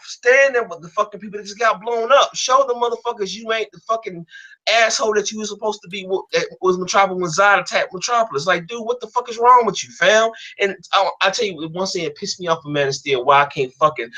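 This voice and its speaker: A man's voice: high-pitched, pushed and bright. A man ranting in casual talk, angry and profane, often repeating himself as he argues. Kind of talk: heated casual rant.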